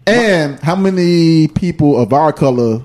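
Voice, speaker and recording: A man's voice: on the high side, expressive, unhurried, a little mellow. A man co-hosting a casual podcast chat, laid-back and drawling, with many fillers. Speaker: podcast co-host.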